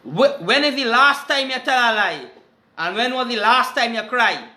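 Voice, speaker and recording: Excitable Trinidadian man hosting a live stream. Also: very high-pitched, moderate pace. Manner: excitable, loud greetings, repetitive restarts. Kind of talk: rambling live-stream chat with shout-outs. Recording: echoey room.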